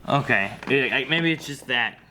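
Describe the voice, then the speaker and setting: A man's voice: medium pitch, animated, normal speed, sharp tone. A man co-hosting a reaction video, talking casually and rambling as he thinks aloud.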